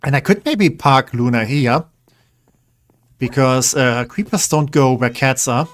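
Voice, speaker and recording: A man's voice: medium pitch, unhurried. Man, game streamer, casual commentary, rambling, mid-range voice. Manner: chatty, rambling, coaxing pets.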